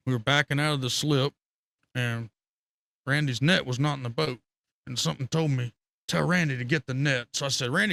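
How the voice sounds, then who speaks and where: A man telling fishing stories as a podcast guest, excitable and profane, laughing often. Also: medium pitch, vocal fry, dry recording. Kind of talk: casual storytelling.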